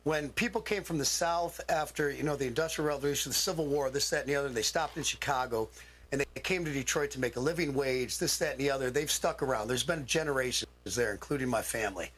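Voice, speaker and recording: A man's voice: mid-range voice, fast, fairly bright tone, low-quality recording. A man answering interview questions bluntly and casually, as a guest musician.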